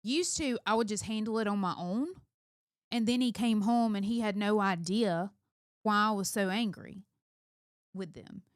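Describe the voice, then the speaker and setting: A middle-aged woman co-hosts a casual conversation and speaks in an emphatic, candid, self-reflective way. Her voice is smooth and resonant, and the recording is dry with no room sound. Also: mid-range voice, moderate pace, no room sound. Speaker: co-host, mother of two. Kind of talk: casual chat.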